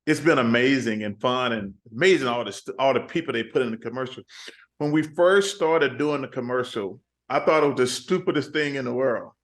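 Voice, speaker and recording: A man, a guest telling animated stories in a casual interview. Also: mid-range voice, brisk. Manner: animated storyteller, quoting himself and others.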